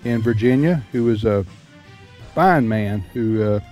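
A man hosting a political talk radio show, speaking haltingly with many fillers. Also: lowish voice, mellow, faint music behind.

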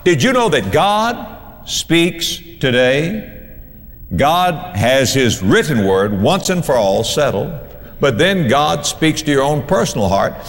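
A man's voice: on the high side, very animated, slow pace, big-room sound. A male pastor preaching a sermon, emphatic, repeating key phrases to drive them home.

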